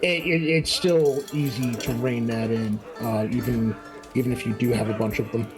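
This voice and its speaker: A man co-hosting a live tabletop gaming talk show, speaking haltingly with many restarts. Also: mid-range voice, fairly even intonation, music in the background. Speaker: co-host. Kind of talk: casual livestream chat.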